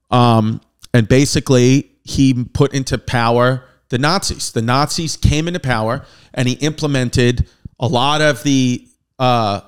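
A man hosting a comedic history lesson, joking and swearing, with sudden loud bursts. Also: mid-range voice, clear, resonant tone. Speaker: comedian host of a history show.

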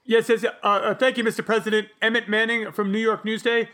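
A man's voice: high-pitched, flat delivery, a little fast, pushed and bright. A man voicing a flustered, stammering male newspaper reporter.

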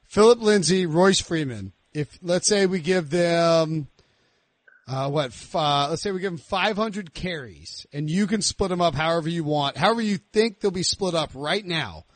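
A man with a high voice hosts a casual sports podcast. He asks his questions in an eager, rambling way. His voice sounds dry and close to the mic. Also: moderate pace, no room sound. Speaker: podcast host.

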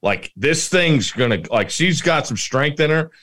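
A man's voice: fairly high pitch, lively intonation, measured pace, a bit bright. A middle-aged man co-hosting a podcast, telling stories animatedly and often breaking into laughter. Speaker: podcast co-host. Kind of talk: casual chat.

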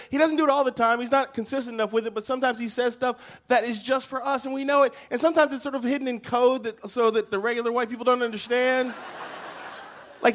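A man performing an animated stand-up comedy set on a live stage, with lots of asides. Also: extremely high pitch. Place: live theater stage before an audience. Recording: live stage with audience and room noise.

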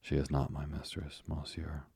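A man voicing an earnest young sailor, deep and dark. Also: completely flat delivery, moderate pace, gravelly, breathy edge, no room sound, studio quality, heavily acted. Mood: grave. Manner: polite, grave.

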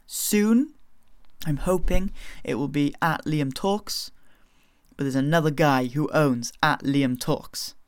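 A man's voice: fairly high pitch, slow, smooth, no room sound. Chatty man hosting his podcast. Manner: chatty, self-mocking, rambling asides. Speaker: podcast host. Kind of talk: casual podcast intro.

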